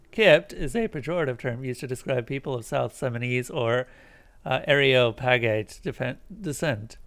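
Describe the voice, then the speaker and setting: A man streaming a video game, reading its narration aloud quietly and adding casual asides. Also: medium pitch, gravelly. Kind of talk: let's play, reading game text aloud.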